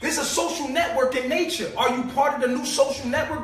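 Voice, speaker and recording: A man with a high voice gives a loose, preachy monologue on a live stream. He swears freely, laughs at his own points and keeps firing rhetorical questions. The sound is roomy and distant, as if he sits well back from the mic. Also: fairly quick, few pauses, fairly bright tone.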